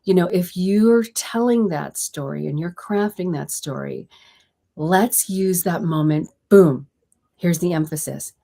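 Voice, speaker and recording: A woman's voice: on the low side, measured pace, gravelly. A woman co-hosting a casual podcast, speaking expressively and emphatically with lots of inflection. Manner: expressive, emphatic, talks with her hands. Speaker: podcast co-host.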